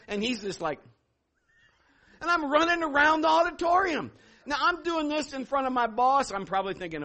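A male pastor preaching a sermon, telling a story in an animated way and acting out what people said. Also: extremely high pitch, a little fast. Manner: animated, laughing, acting out quotes.

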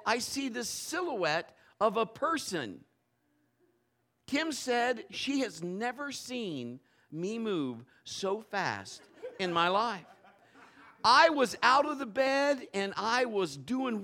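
A man preaching a sermon as pastor, acting out stories and swinging from hushed tones to shouts. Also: very high voice. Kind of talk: sermon with personal storytelling.

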